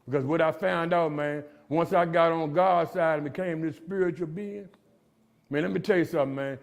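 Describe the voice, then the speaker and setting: A man's voice: on the high side, moderate pace, gravelly. A middle-aged man speaking at a jail gathering, telling his recovery story in street slang and ending lines with "man.". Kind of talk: motivational recovery talk.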